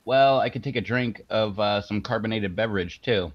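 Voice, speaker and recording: A man's voice: on the low side, moderate pace, lo-fi sound. A man hosting a casual livestream, chatting and chuckling as he eats spicy chips with watering eyes. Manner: laid-back, chuckling while eating spicy chips. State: eyes watering from hot spice. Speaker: livestream host.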